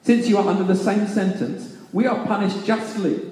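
A man's voice: high-pitched, steady tone, normal speed, mellow, pitched above the performer's own voice, close to an everyday voice. A man reading the earnest words of a repentant dying criminal, in an echoey hall.

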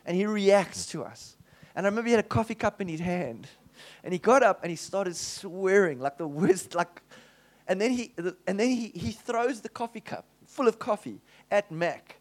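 A high-voiced male pastor tells a story from the pulpit. He is animated and acts out each exchange of dialogue. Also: normal speed. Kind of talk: sermon storytelling.

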